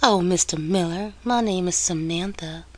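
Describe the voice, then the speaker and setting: A woman's voice: fairly low pitch, normal speed, pitched below the performer's own voice, close to an everyday voice. A woman playing a coy Southern gold digger. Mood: flirtatious. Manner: coy, sweetly flattering.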